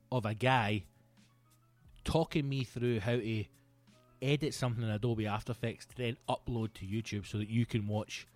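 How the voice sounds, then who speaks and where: A Scottish man in his thirties hosting a solo comedy podcast, telling rambling, sweary, animated stories. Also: medium pitch, no room sound. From Scotland. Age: 30s.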